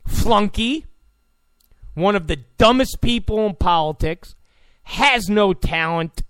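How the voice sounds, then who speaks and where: A man's voice: high voice, a bit bright, no room sound. Sarcastic ranting talk-radio man. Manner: sarcastic, mocking and abrasive. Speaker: radio talk show host.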